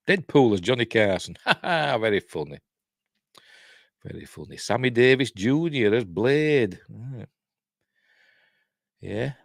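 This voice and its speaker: A man's voice: lowish voice, gravelly, no room sound, clean studio sound. An older man with a Yorkshire accent hosting a live stream, musing aloud casually with wry asides that trail off. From Yorkshire, England. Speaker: host of a live news stream. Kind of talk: casual chat.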